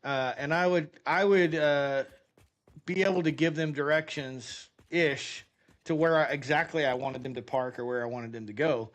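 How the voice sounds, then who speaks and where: A middle-aged man chats while he plays a game, telling a long story in an animated way. His voice sits a little higher than most men's, and he breaks into laughter often. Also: moderate pace. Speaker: game streamer. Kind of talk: casual storytelling while gaming.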